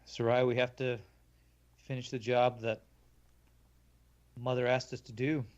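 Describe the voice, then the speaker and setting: A man's voice: mid-range voice, flat delivery, a little slow, darkish tone, muffled recording, natural voice. A man playing an earnest, reassuring protector. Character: earnest male protector making promises.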